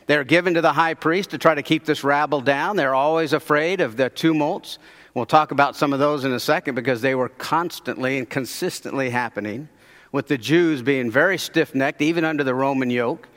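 Male preacher, slightly high voice, chatty sermon delivery, long hall reverb. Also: a bit bright. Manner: conversational storytelling, asks the audience questions.

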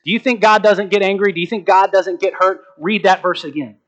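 A man preaching a sermon as pastor, slowing down to stress key words and asking rhetorical questions. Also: high voice, steady tone, fairly bright tone. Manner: asks the congregation rhetorical questions.

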